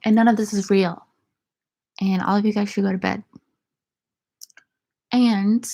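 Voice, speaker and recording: Young woman with a gravelly, creaky voice. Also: mid-range voice, darkish tone. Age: young adult. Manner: irreverent, profane, laughing banter. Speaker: streamer answering viewer questions. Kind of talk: casual Q&A chat.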